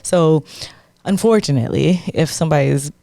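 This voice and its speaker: A woman's voice: deep voice, brisk, gravelly, dark tone, no room sound, clean studio sound. A woman co-hosting a podcast in casual chat, talking animatedly and leaning on "like" and "you know what I mean". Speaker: podcast co-host.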